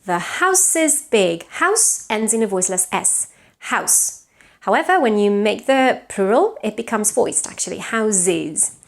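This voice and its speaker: A woman with a Catalan accent teaches English pronunciation in an online lesson. She speaks at a middle pitch, models each word slowly and deliberately, and keeps checking in with short questions like "yes?" and "right?". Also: big pitch swings. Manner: clear, deliberate teaching, slows down to model words, frequent check-ins like "yes?".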